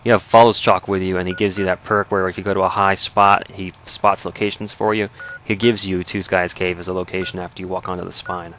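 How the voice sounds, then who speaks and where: Man with a deep voice, laid-back, rambling gameplay commentary. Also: little pitch movement, fairly quick, few pauses, fairly bright tone, slight background noise. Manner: easygoing, rambling, self-correcting. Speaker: let's play host.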